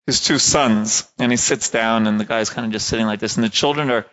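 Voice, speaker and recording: A man's voice: lowish voice, steady tone, a little fast, a bit bright, muffled recording. A man giving a casual classroom lecture, talking conversationally, often checking in with "right?" and stopping to rephrase.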